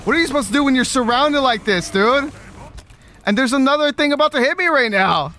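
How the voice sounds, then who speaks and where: A man's voice: extremely high pitch, lively intonation, brisk, bright, forceful tone, slight background noise. A man streaming a horror game, swearing, exasperated and repeating himself in panic. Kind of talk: live gameplay commentary.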